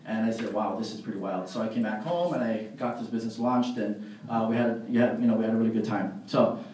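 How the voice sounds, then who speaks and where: Speaking fast in a lowish voice, this motivational speaker entertains a sales party with live stories, laughing often and leaning on plenty of fillers. The hall is heavily echoey, the mic sits far away, and there's slight background noise.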